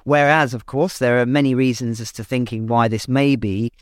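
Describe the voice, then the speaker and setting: A man's voice: mid-range voice, fairly even intonation, moderate pace, dry recording, clean studio sound. A man co-presenting a news podcast, giving analysis with frequent fillers and self-corrections.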